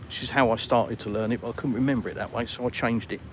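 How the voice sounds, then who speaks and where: Quick-paced and fairly even in intonation, a British vlogger with a mid-range voice rambles self-deprecatingly to live viewers while walking a town street with traffic. He speaks British English, and a little hiss or hum is audible.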